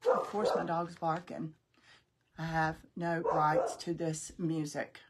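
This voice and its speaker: A woman's voice: deep voice, flat delivery, takes it slowly, very noisy. Chatty middle-aged woman demoing crafts. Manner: chatty, folksy, thinks aloud while working; greets viewers by name. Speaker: craft demonstrator. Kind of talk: casual live crafting demo.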